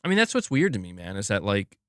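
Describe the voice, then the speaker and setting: A man's voice: fairly low pitch, huge pitch swings, quick pace, no room sound, clean studio sound. A young man hosting a casual gaming livestream, rambling with many restarts and addressing the chat as dude and bro. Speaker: livestream host.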